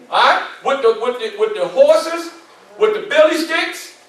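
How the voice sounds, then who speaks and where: A New Yorker in his sixties gives a preacher-like, repetitive motivational speech, addressing the audience directly in a club meeting hall. His voice is very high, bright, and forceful, picked up by a distant mic in the echoey hall.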